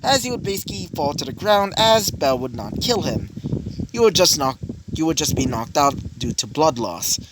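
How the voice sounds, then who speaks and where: A young man improvises a fan story, rambling along with lots of fillers. His pitch moves in a lively way, and loud noise fills the recording. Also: normal speed. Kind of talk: improvised fan-fiction narration.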